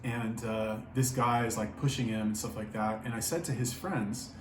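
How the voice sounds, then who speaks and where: A man's voice: lowish voice, fairly even intonation, moderate pace. Brief: young guy, casual profane storytelling, echoey room, faint noise. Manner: profane, rambling, filler-heavy. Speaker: vlogger.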